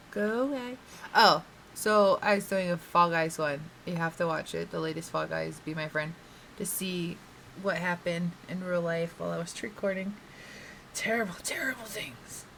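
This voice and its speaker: A woman's voice: lowish voice, steady tone, moderate pace, gravelly, fairly bright tone, a little hiss or hum, rough recording. A woman vlogging casually while she plays a game, rambling and laughing often. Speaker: gaming vlogger. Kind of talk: casual chat while playing. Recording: faint game music behind.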